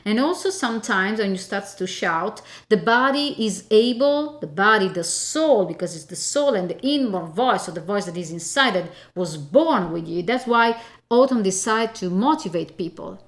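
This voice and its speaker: A woman's voice: medium pitch, lively intonation, moderate pace. A woman voice coach giving a spoken lesson in an emphatic way, often checking in with "okay?" and repeating her key points.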